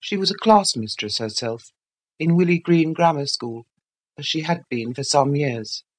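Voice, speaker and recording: Slow, husky woman narrating. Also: low voice, lively intonation. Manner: measured, literary reading. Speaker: audiobook narrator. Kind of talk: scripted narration of a classic novel.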